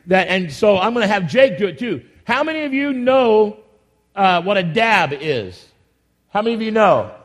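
A man with a high voice leads his congregation from the pulpit. He talks in a folksy, rambling way, full of enthusiasm and frequent restarts. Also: very animated, moderate pace, fairly bright tone. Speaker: pastor. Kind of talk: church announcements and sermon. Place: church sanctuary.

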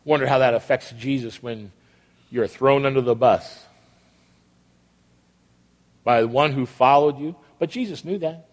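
A man's voice: mid-range voice, unhurried, pauses often. A man preaching a sermon as a pastor, asking the congregation rhetorical questions and acting out the voices he quotes. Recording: long reverb of a large hall.

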